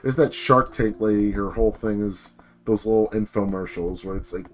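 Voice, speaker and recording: A man's voice: lowish voice, moderate pace. A man streaming as a VTuber, ranting in a casual, rambling way and swearing freely while telling stories on himself. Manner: rambling, profane, self-deprecating.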